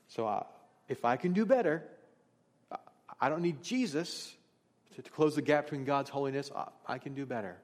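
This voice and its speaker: A man's voice: medium pitch, lively intonation, brisk, a little mellow. A middle-aged man preaching a sermon as pastor, telling stories in a conversational, candid way. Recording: long reverb of a large hall.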